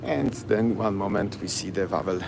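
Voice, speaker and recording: A man's voice: low voice, moderate pace, vocal fry. A man with a Polish accent leading a walking tour in broken, chatty English, repeating place names as he goes. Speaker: tour guide. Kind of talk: live-streamed walking tour. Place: outdoors on city streets at night. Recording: street noise behind.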